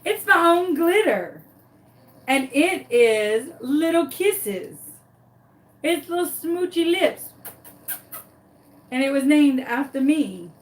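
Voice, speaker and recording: A woman tells a dramatic story while she demonstrates a craft. Her voice sits a little high and her pace is unhurried. She is recorded a bit away from the mic. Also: lively intonation, recorded from a distance, poor audio. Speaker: crafting vlogger.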